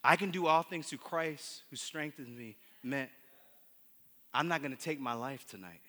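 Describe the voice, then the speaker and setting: Male preacher giving a testimony sermon: high, piercing voice, halting retelling that builds to emphatic preaching, heard with hall reverb. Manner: storytelling, with many restarts and repeated words; swings from hushed to emphatic preaching. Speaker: pastor.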